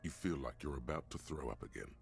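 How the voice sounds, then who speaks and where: A deep, gravelly game narrator. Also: male voice, animated, fast, slight background noise, full character voice. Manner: grave, vivid descriptive delivery. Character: grim, grisly adult male narrator. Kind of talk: scripted narration.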